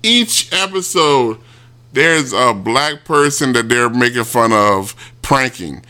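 Animated, bright-voiced man rambling. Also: slow pace, smooth. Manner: rambling retelling with many restarts, mimicking people in high yelps. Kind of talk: casual commentary.

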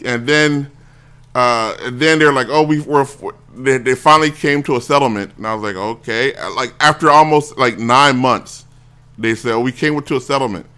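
Male talk show host, bright edge, rambles and restarts while telling stories. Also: medium pitch, normal speed, smooth. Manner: rambling, self-interrupting, acts out quoted voices. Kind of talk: casual storytelling on a talk show.

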